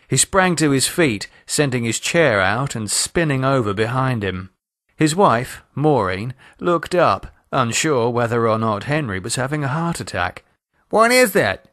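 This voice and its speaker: A man narrating an audio horror story in a lively, expressive storytelling manner. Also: mid-range voice, no echo, studio quality.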